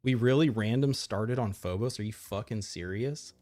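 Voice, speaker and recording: A man's voice: fairly low pitch, normal speed, a little mellow, soft background music. Chatty American man streaming a game. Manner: rambling, laughs often, restarts. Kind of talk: casual game commentary.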